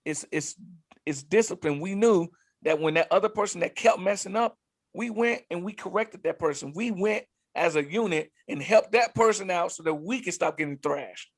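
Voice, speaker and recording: High-voiced man telling boot camp stories. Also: normal speed, no echo. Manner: animated storytelling, repeats himself, swears. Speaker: podcast co-host, former Marine. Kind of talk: casual chat.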